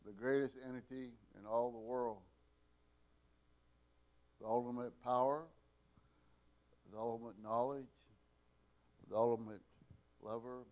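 A man teaching a Bible class, pausing often with fillers and restarts and getting loud to stress key words. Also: mid-range voice, steady tone, lo-fi sound. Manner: unhurried, with many fillers and restarts, rising loud for emphasis.

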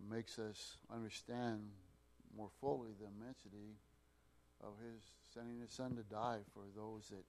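A man teaching a Bible class, pausing often with fillers and restarts and getting loud to stress key words. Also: lowish voice. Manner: unhurried, with many fillers and restarts, rising loud for emphasis.

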